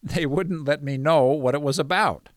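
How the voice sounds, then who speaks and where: A man's voice: on the high side, normal speed, dry recording, clean studio sound. A man hosting a podcast, telling his story in a wry, reflective way. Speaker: podcast host.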